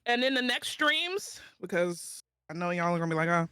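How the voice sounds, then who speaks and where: A woman's voice: lowish voice, big pitch swings, a little fast, bright, forceful tone, clean tone, dry recording. A woman streamer, talking tearfully and affectionately to her friends in casual chat.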